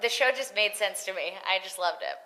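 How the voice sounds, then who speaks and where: A woman in her thirties, a voice actress appearing as an interview guest, chats casually at a brisk clip in a medium-pitched voice. She's animated and performs the lines she quotes, with background noise audible behind her.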